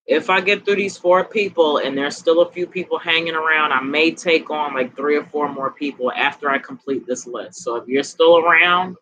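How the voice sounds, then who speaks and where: A woman giving tarot readings on a casual live stream, chatting in a relaxed, slangy way, tired and sweaty. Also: low-pitched, normal speed, hardly any pauses, poor audio. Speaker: tarot reader.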